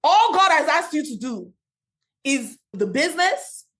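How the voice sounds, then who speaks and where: A young woman with a non-native English accent, talking passionately on a faith-based podcast in a quick, preachy storytelling way. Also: high-pitched, sing-song, a bit bright. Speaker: podcast host, Christian business speaker.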